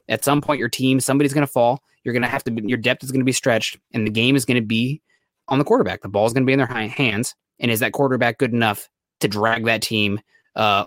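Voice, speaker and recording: A man co-hosting a casual sports podcast, giving quick analytical takes peppered with "right?" and "like". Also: medium pitch, fairly bright tone, no room sound, studio quality. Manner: fast, analytical, lots of "right?" and "like". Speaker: podcast co-host.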